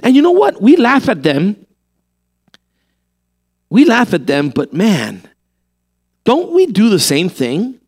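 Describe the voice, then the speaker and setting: A man preaching a sermon as a pastor, animated and full of rhetorical questions. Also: high-pitched, takes it slowly, pauses often.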